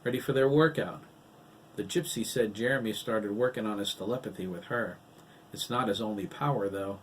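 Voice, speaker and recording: A man reading the part of a blunt, gruff older ex-Marine in an audiobook. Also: on the low side, moderate pace, a little hiss or hum, natural voice, poor audio.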